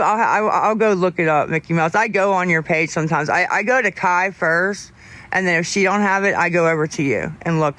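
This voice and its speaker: A man's voice: fairly high pitch, bright, forceful tone. A man chatting casually with livestream viewers in a candid, rambling way, often restarting his sentences.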